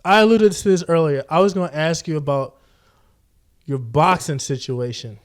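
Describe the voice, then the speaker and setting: A man's voice: a little high, moderate pace. A man hosting a podcast in casual chat, throwing in playful interjections. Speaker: podcast host.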